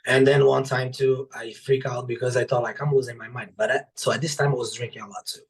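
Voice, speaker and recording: A young adult man talks as a guest on a podcast, an author telling casual stories from his working life. His voice sits at an ordinary, middle pitch. He swears freely and jumps into other people's voices to act out what they said. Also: fast talker. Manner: animated, profane, acts out quoted dialogue. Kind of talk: casual storytelling in conversation.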